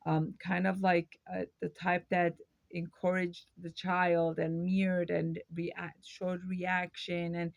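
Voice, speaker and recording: A woman with a lowish, creaky voice hosts her own video, recorded with no room sound. She gives a reflective educational talk to camera, posing rhetorical questions and using the occasional filler.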